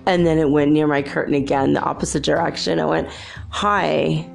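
A woman's voice: deep voice, little pitch movement, quick pace, gravelly, a little mellow, soft background music. A woman hosting a show, telling chatty, rambling stories in a casual monologue and laughing often. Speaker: show host.

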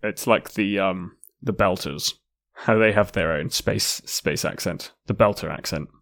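Male podcast co-host, lowish voice, dry close mic, laid-back and halting. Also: creaky, fairly bright tone, no room sound. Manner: laid-back, halting, short agreeing replies. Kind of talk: casual chat.

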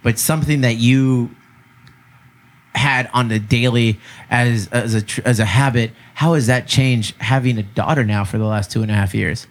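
Mid-pitched male host in his thirties, blunt and profane, loose conversational chat. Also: steady tone, moderate pace. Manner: blunt, profane, calls people bro. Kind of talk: casual chat.

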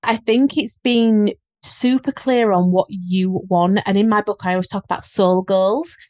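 A woman's voice: medium pitch, steady tone, unhurried, darkish tone, no room sound. A woman with a Northern English accent, a guest business coach talking in an earnest, flowing, reflective way in a casual podcast chat.

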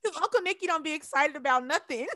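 A woman casually recapping a TV episode, animated and acting out the characters' lines as she tells it. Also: high-pitched, fast talker, no echo. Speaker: TV recap podcast co-host.

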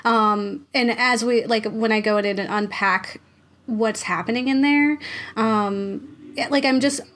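A woman's voice: on the high side, measured pace, a bit bright. Chatty woman hosting a podcast. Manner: chatty, laughs often, many fillers. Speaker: podcast host. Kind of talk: casual chat.

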